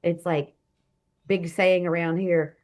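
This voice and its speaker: A woman guest telling a personal story in an expressive, animated way, swinging between hushed and loud. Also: lowish voice, takes it slowly. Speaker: guest, author and speaker. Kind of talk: animated storytelling in a podcast interview.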